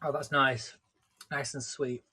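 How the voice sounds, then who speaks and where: A man's voice: medium pitch, little pitch movement, takes it slowly, pushed and bright, breathy edge. A man casually chatting through a live cooking stream, rambling and talking to viewers by name. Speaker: livestream host.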